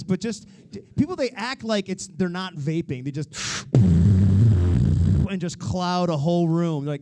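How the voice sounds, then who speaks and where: Young american guy doing standup, kinda high voice, wry and self-deprecating, swears a lot. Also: unhurried, darkish tone. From United States. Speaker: stand-up comedian. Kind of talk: stand-up comedy set. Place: live comedy stage.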